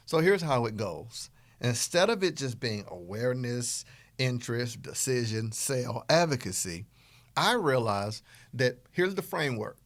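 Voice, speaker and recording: Male middle-aged podcast host with a Southern accent, animated motivational coaching tone, very lively pitch, dry recording. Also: dry recording. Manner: animated, playful, acts out dialogue in quotes. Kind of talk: energetic motivational talk.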